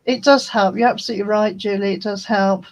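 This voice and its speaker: A woman's voice: medium pitch, steady tone, a little fast, low-quality recording. A woman hosting a casual livestream chat for her craft channel, homely and chatty. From United Kingdom. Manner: chatty and homely, talks fondly to her cat.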